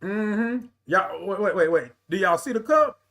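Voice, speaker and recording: A man hosting a live morning talk stream, lively and playful, greeting viewers by name and calling them "y'all". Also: sits high, a little slow. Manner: lively, playful, sing-song with laughs and calls of "y'all". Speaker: livestream host.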